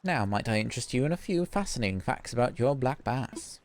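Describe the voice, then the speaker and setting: A woman's voice: rumbling low, animated, fairly quick, a little mellow, a little hiss or hum, pitched above the performer's own voice. A woman voicing a fussy, pompous male owl museum curator in a formal, grand manner while playing a video game. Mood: lecturing.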